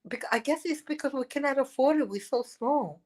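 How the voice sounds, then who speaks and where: A woman's voice: high-pitched, a little fast. An older woman with a Puerto Rican accent, a Spanish speaker chatting casually and telling stories with laughter. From Puerto Rico. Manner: chatty, animated storyteller with frequent laughs. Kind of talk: casual chat.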